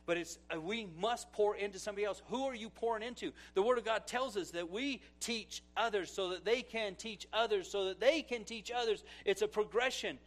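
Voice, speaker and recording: Man, pastor, sermon, high-pitched, middle-aged, dramatic loud-soft swings, storytelling. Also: brisk, few pauses. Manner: dramatic swings from loud exclamations to hushed asides, storytelling with acted quotes.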